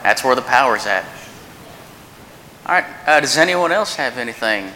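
A man in his thirties filling in as preacher, telling a personal story in an earnest, conversational way with frequent restarts and pauses. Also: lively intonation, bright, forceful tone. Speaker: preacher filling in at a church service. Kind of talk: informal sermon with a personal story. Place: church meeting room. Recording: distant voice in a reverberant church hall with faint background rumble.

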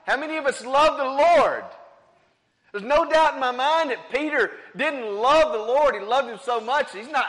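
Dramatic high-voiced male preacher. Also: lively intonation, moderate pace, long reverb tail. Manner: dramatic, repeating "and, and", swinging between loud and hushed. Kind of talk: sermon.

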